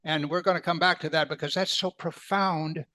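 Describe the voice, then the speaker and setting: A man preaching a Bible sermon, emphatic, lifting his voice on key words and then dropping it soft. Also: a little high, steady tone, moderate pace, dry recording. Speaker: pastor.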